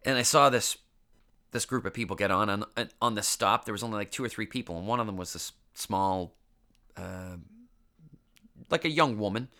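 A young man with a bright, forceful voice tells a long, rambling story at a casual pace. He sounds congested from an illness he is getting over. He mocks himself and swears freely. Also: lowish voice, moderate pace, pauses often. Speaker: podcast host.

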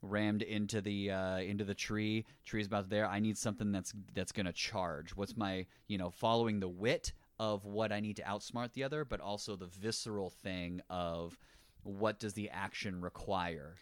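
Very low-voiced man, excited film chat. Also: moderate pace, no echo, studio quality. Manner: enthusiastic, rambling, restarts often. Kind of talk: casual film discussion.

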